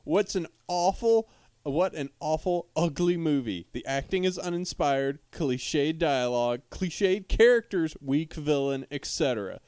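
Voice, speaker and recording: Male podcast co-host, smooth resonant voice, dry close sound, relaxed chatty delivery. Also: fairly high pitch, unhurried, dry recording. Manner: reads forum posts aloud, laughs often. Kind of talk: casual chat.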